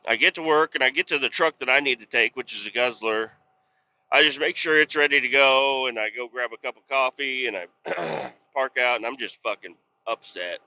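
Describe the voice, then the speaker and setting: Man, casual podcast host, swears freely, exasperated rambling story; very bright voice, slightly dull lo-fi recording. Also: medium pitch, normal speed.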